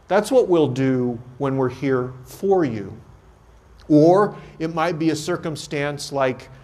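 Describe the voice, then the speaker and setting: A man's voice: mid-range voice, a little mellow. A man, a priest, giving a homily at a confirmation Mass and telling stories in an earnest, conversational way.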